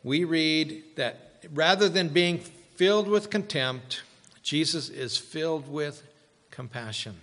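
A man preaching a sermon as a pastor, slow and deliberate, with dramatic pauses and rising emphasis. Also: fairly high pitch, lively intonation, fairly bright tone. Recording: long hall reverb.

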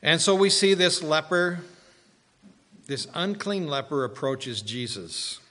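A man preaching a sermon as a pastor, slow and deliberate, with dramatic pauses and rising emphasis. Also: a little high, very animated, pushed and bright. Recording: long hall reverb.

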